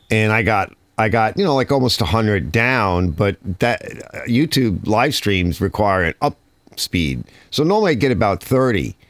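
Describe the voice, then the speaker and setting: A man's voice: mid-range voice, dry recording. A middle-aged man hosting a casual livestream from his garage, telling a rambling, exasperated story. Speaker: garage channel host. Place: home garage workshop. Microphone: streaming setup mic.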